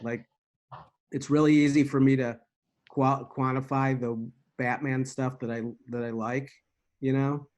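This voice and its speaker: A man's voice: medium pitch, little pitch movement, unhurried, darkish tone. Agreeable man groping for words. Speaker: podcast co-host. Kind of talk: casual chat.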